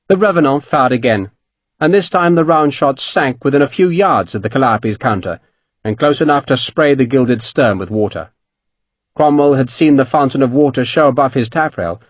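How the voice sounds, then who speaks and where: A man narrating an audiobook in an expressive storytelling manner. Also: medium pitch, no room sound, dull audio. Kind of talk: scripted narration.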